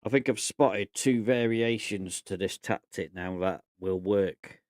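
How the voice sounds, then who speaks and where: A man talks through his football management game in a relaxed, thinking-aloud way. His voice sits on the low side. The sound is dry and close, with no room echo. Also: a little slow. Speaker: gaming YouTuber. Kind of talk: casual game commentary.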